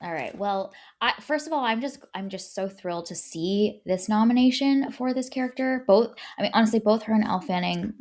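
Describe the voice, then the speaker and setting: A woman co-hosting a film podcast, upbeat and quick to laugh as she runs the segment. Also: mid-range voice, darkish tone. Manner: laughs often, upbeat moderator. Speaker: podcast co-host. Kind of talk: casual chat.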